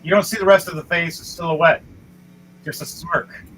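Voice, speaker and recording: A man's voice: fairly high pitch, fairly even intonation, moderate pace, a bit bright, poor audio. A man narrating a tabletop game as dungeon master, vivid and rambling, with restarts. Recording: music playing behind.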